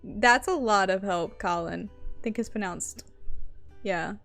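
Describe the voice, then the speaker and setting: A woman's voice: medium pitch, unhurried, creaky, a bit bright, faint music behind. A young woman streamer casually commenting on a game, playful and self-deprecating.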